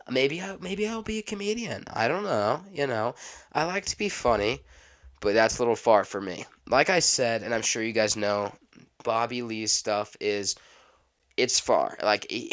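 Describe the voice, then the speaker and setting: A man's voice: medium pitch, a bit bright. Rambling young man podcasting solo. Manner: rambling, unscripted, self-interrupting. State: coughing, clearing throat. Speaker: podcast host. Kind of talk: casual solo podcast chat.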